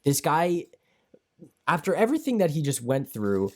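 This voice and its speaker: A young man co-hosting a casual podcast, talking at length in an animated, emphatic way. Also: a little high, normal speed. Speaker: podcast co-host.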